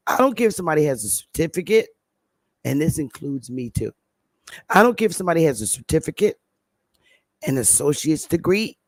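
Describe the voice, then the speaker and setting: A middle-aged woman talks straight to her livestream viewers. She is emphatic and drives home her points by repeating them. The sound is close and dry, with no room echo. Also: deep voice. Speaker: livestream host.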